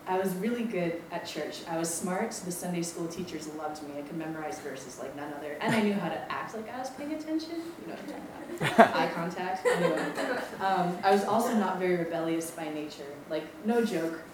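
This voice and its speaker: In a lecture room with crowd noise, echo, and a distant mic, a twenty-something woman from Maui on campus ministry staff tells her personal story. Her voice sits lowish and moves a little fast with few pauses, and she's chatty and self-deprecating, saying um frequently.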